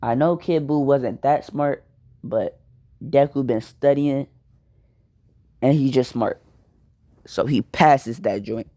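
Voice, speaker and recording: Slow, slangy young man telling a story. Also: mid-range voice, warm tone, no room sound. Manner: slangy, rambling, repeats words. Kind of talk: casual improvised fan-fiction storytelling.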